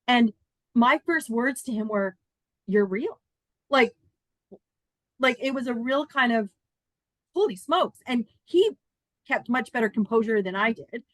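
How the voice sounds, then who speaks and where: A woman in her fifties, a podcast guest, telling a personal story in an earnest, animated, chatty way with many fillers. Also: fairly high pitch, a little slow, long pauses, dry recording.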